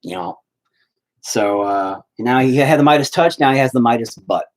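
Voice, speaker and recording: A man with a medium-pitched voice and lively intonation speaks at a normal pace while hosting a casual live stream, addressing his viewers directly. He drifts from one thought to another and swears freely, rambling and profane throughout.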